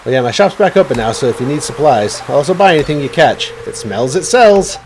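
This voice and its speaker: A man voicing an old male fisherman shopkeeper in a rough attempt at a Scottish accent, with a folksy sailor drawl. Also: mid-range voice, lively intonation, fast, a little mellow, a little hiss or hum, lightly acted.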